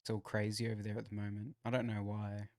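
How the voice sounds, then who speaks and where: Laid-back man, low dry voice. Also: completely flat delivery, fast, a little mellow, no echo. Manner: laid-back, swearing, joking. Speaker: podcast co-host. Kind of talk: casual chat.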